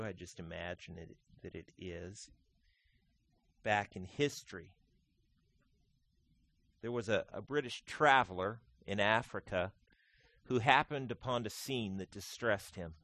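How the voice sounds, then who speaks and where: A man preaching a sermon as pastor, swinging between quiet intimate lines and loud, emphatic, repeated declarations. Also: lowish voice. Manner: slow deliberate delivery with repeated phrases.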